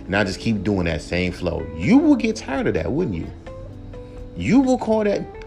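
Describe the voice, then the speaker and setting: A young man rants on his own podcast, swearing freely and hammering the same points over and over. His pitch swings widely as he heats up. Faint music plays under his voice. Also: wildly swooping pitch, moderate pace, creaky, a little mellow. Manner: heated, profane, repetitive emphasis. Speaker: podcast host, rapper. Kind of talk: profane solo rant.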